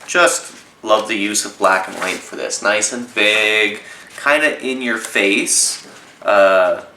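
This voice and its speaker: A man's voice: on the low side, reverberant, background noise. A man with a Canadian accent reviewing zines in an enthusiastic, chatty vlog, swearing casually now and then. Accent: Canadian English. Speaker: zine reviewer.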